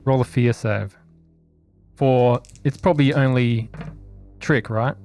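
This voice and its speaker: A man's voice: mid-range voice, fairly even intonation, slow, a little mellow, faint music behind. A man narrating a tabletop horror game as game master, casual and descriptive.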